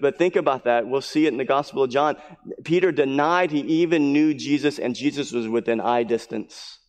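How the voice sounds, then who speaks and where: Pastor guy preaching, slightly high voice, earnest, repeats himself, big church reverb. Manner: earnest, repeats phrases, drops to a hush for emphasis. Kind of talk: sermon. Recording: long hall reverb.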